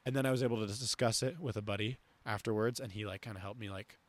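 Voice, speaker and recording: A man's voice: on the low side, steady tone, quick pace, no echo. A young man hosting a podcast, talking casually and rambling with lots of fillers and restarts. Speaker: podcast host. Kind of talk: casual conversation.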